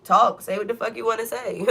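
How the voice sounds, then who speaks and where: Tarot reader, young woman, slightly high voice; swears freely and preaches encouragement. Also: steady tone, fairly quick, creaky, fairly bright tone, husky. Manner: blunt, profane, preachy pep talk. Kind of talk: tarot reading monologue.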